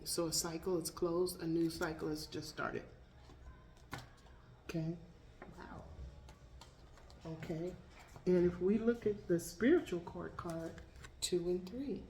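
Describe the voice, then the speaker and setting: Woman, lowish voice, chatty tarot reader, echoey room, faint hiss. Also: darkish tone. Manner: chatty, talks to her pets between cards. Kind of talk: casual spiritual card reading.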